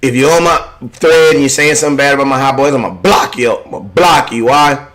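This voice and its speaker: Rambling, animated young man fan commentator. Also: mid-range voice, a little fast. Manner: rambling, animated, slangy, often repeats "you know what I'm saying". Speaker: sports streamer host.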